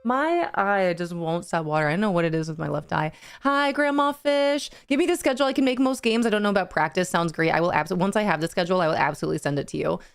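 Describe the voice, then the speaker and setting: A woman's voice: fairly low pitch, quick pace, vocal fry, hardly any pauses, smooth, faint music behind. A young adult woman streaming live, chatting casually with her viewers, greeting them by name and laughing often.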